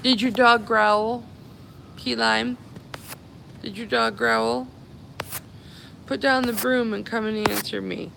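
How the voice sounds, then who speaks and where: A woman speaks slowly in a fairly high voice, with fairly even intonation, vocal fry, and long pauses, against a noisy background. She's stuck at an airport after a cancelled flight and is doing a casual phone live stream, sweetly addressing her viewers as honey and babies.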